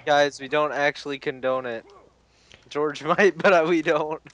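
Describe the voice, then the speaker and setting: A man's voice: fairly high pitch, steady tone, a little slow, a bit bright, lo-fi sound. A young man gaming with friends, joking crudely and laughing often into his mic. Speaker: let's play gamer. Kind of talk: casual gaming banter.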